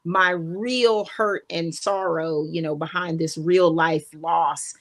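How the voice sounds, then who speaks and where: Woman, podcast co-host, lowish voice, thoughtful, searching for words, casual chat. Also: steady tone, slow pace.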